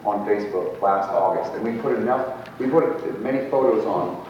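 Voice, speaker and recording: A man co-presenting a live seminar, bantering and chiming in with quick remarks. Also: lowish voice, a little hiss or hum. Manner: fast, bantering, chimes in. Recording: echoey hall from far off, dull sound.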